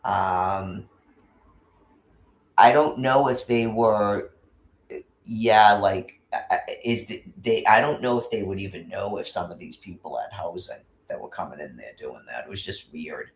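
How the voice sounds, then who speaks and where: A man's voice: low-pitched, a little slow. A man ranting angrily and rambling, full of profanity and restarts. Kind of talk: casual rant. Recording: roomy echo.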